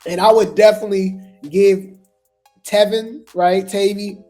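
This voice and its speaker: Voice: mid-range voice, fairly even intonation, a little slow, mellow, soft background music. A host giving casual gossip commentary, chatty and trailing off with repeated asides.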